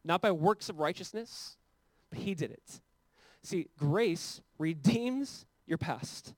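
A man's voice: a little high, lively intonation, slow, dry recording. A man preaching a sermon as pastor, talking conversationally and building to fervent emphasis.

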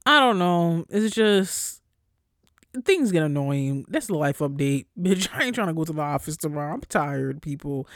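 A podcast host ranting casually about work, exasperated and profane, with lively storytelling and mocking voices for quoted coworkers. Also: mid-range voice, moderate pace, no echo, studio quality. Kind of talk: casual solo rant.

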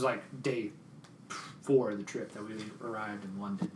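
A man's voice: fairly low pitch, normal speed, distant mic, noisy background. Southern man telling a rambling story. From Arkansas, US South. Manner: rambling, animated, swears freely, acts out quotes. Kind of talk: casual storytelling chat. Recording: roomy, off-mic with faint ambience.

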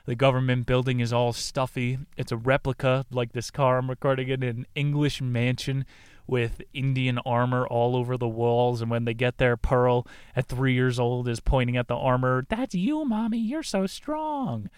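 A man's voice: mid-range voice, completely flat delivery, moderate pace, smooth, no echo, clean studio sound. Man chatting irreverently from his car. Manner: irreverent, crude, laughing asides. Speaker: book summary vlogger. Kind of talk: casual chat. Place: inside a car.

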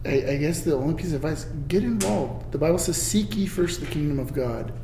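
A man's voice: fairly high pitch, expressive, a little fast, vocal fry, mellow. A man guest in a church interview, speaking earnestly, quoting scripture and firing off rhetorical questions. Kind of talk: casual interview with preaching. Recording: echoey room, faint noise.

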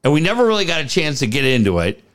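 A man's voice: a little high, big pitch swings, very fast, a bit bright, clear, resonant tone. A man co-hosting a sports podcast in casual, blunt and profane talk. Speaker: podcast co-host.

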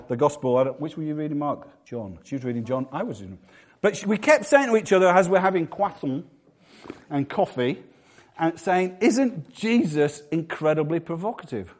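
A man's voice: on the high side, darkish tone. A middle-aged man preaching a sermon as pastor in a church, chatty and self-mocking, with frequent restarts and jokes to the congregation.

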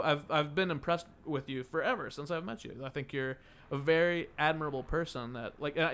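A man's voice: fairly high pitch, fairly bright tone, clean tone. A young man hosting a podcast, chatting casually, laughing often and rambling with fillers. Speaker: podcast host. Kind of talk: casual chat.

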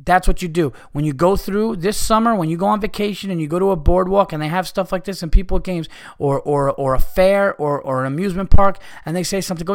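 A man with a high voice hosts his podcast in a heated, profane rant. He talks with frustration and swears freely throughout. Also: quick pace, hardly any pauses. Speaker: podcast host. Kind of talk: ranting podcast monologue.

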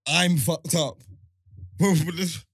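A young man, telling a story in casual chat, animated and laughing often. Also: a little high, takes it slowly, creaky, breathy edge, no room sound.

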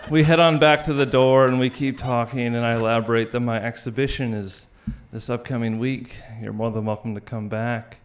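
A man telling a live personal story, wry and lively, laughing through his lines. His voice sits at an ordinary pitch. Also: normal speed, hardly any pauses.

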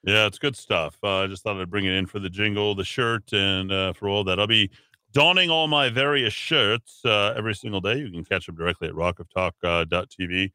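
A man hosting a radio talk show in a rambling, casual way, with lots of fillers and sudden jumps up in pitch when he hands over. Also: flat delivery, fast talker, few pauses, sharp tone, clean tone, dry recording.

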